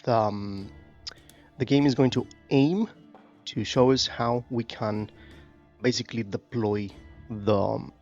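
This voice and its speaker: A man's voice: medium pitch, slow pace, long pauses, darkish tone, muffled recording, soft background music. A man giving casual commentary on a strategy game, reading tutorial text aloud and musing with fillers. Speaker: gaming YouTuber.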